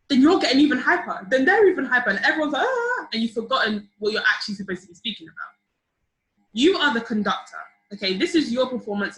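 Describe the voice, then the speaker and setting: A young adult woman leads an online public speaking workshop over a video call, her bright, slightly high voice lively and encouraging. She keeps asking the class for ideas, and the call audio sounds roomy.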